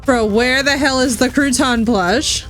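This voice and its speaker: A woman's voice: sits high, a little slow, fairly bright tone. A woman commenting live on a game she is playing. She talks in effusive, exclamation-filled bursts. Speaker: game streamer. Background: faint game music.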